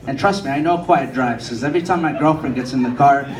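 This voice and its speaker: On a comedy club stage, a young man with a mid-range voice delivers a fast stand-up set of profane stories, impersonating the people in them. A distant mic catches the echoey room, crowd noise and the audience's laughter.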